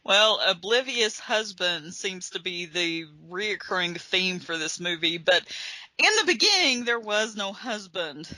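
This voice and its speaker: Female podcast host, slow easy pace, bright lively voice, dry close sound. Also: medium pitch, no echo. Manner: laughs often, swears casually, unhurried. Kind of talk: casual movie-review chat.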